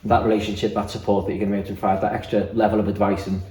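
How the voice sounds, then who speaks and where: A man's voice: lowish voice, little pitch movement, rapid-fire, darkish tone, echoey room. Rambling, friendly male host. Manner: friendly, rambling, many restarts. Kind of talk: casual interview.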